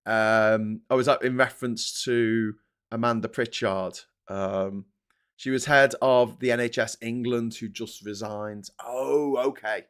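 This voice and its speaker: A man hosting a live stream, rambling and animated, laughing and swearing as he chats and reads out viewer messages. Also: medium pitch, a little slow, smooth.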